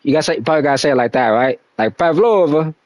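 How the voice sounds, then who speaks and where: A man's voice: mid-range voice, rapid-fire, no echo, poor audio. A young man chatting casually on a game stream, laid-back and slangy, talking to his viewers.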